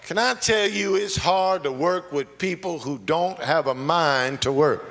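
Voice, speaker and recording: A pastor preaching a sermon, moving between quiet asides and shouted lines, laughing along the way. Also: male voice, on the high side, a little slow. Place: church sanctuary. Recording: long church hall reverb, faint ambience.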